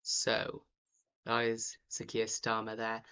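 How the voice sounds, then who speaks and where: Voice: medium pitch, monotone, takes it slowly, sharp tone, clear, resonant tone. A host giving casual, rambling live commentary from home, with many fillers and restarts. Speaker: host of a live results stream. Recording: dull lo-fi sound.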